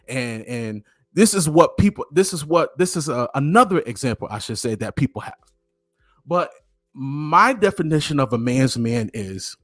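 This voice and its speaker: A man's voice: mid-range voice, expressive, moderate pace, a bit bright, dry recording, clean studio sound. A middle-aged man giving an earnest motivational talk to camera, repeating phrases for emphasis, with faint music behind him. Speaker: motivational speaker.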